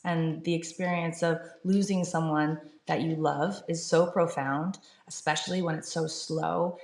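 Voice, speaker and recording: A middle-aged woman, a startup founder, talking earnestly and upbeat as an interview guest. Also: deep voice. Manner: earnest, upbeat, fluent with fillers. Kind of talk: conversational interview. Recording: echoey room.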